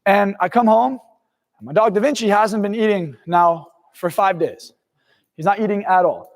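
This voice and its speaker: Speaking to camera, this twenty-something hypnotist and motivational speaker recounts his life in a blunt, intense way, dropping the occasional swear word. He has a high voice and keeps a moderate pace, and the room carries a long reverb.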